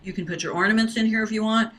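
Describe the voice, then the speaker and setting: A woman's voice: mid-range voice, steady tone, very fast, fairly bright tone. A middle-aged woman teaching an online singing workshop over a video call, encouraging the class to wave and respond.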